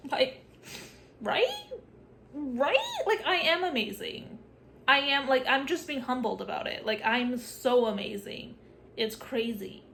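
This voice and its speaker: A woman's voice: high-pitched, takes it slowly, gravelly, long pauses, a little hiss or hum, poor audio. A young woman, sick with a cough and sore throat, chatting casually in a vlog and saying "like" a lot. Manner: chatty, says "like" a lot, drops to a hushed whisper at times. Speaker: vlogger.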